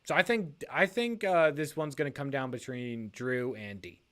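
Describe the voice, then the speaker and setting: A man's voice: medium pitch, normal speed, a bit bright. Upbeat man rambling in a podcast. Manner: rambling, self-correcting, laughs often. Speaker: league podcast co-host. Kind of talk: casual podcast chat.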